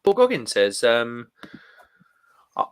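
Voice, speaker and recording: A man's voice: medium pitch, huge pitch swings, slow, clean tone. A man from England co-hosting a casual beer live stream, cheerful and chatty, laughing often as he reads comments. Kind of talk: casual chat reading viewer comments.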